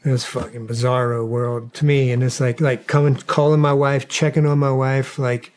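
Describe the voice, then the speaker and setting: A man's voice: on the high side, little pitch movement, brisk, a little mellow. A man telling a story from his army days in a loose, rambling way, full of fillers and swearing, as a podcast guest. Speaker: guest, former soldier. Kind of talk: casual storytelling.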